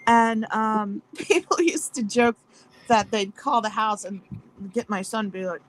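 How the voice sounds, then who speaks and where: A woman's voice: on the high side, unhurried. A woman in casual chat, talking in a chatty way with plenty of filler words. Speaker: live stream chat participant.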